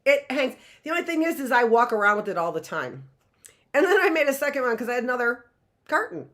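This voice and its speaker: A middle-aged woman teaches from home in a chatty, playful way. Her voice sits fairly high and swings widely as she exclaims and coaxes. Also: sing-song, fast talker, fairly bright tone. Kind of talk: casual online lesson. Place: home classroom setup.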